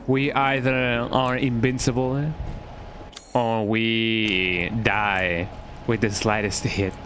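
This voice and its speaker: A man's voice: on the low side, flat delivery, takes it slowly, fairly bright tone, a little hiss or hum. A man streaming a horror game, chatting to his viewers in a rambling, jokey way and often ending his lines with "eh". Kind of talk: casual gameplay chat.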